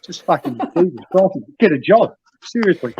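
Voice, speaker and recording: A man's voice: high-pitched, expressive, moderate pace, a little mellow, breathy edge, no echo. Ranting, sweary Australian man, dull dry audio. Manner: swearing, ranting, mock-boastful. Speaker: podcast guest. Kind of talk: ranting casual chat.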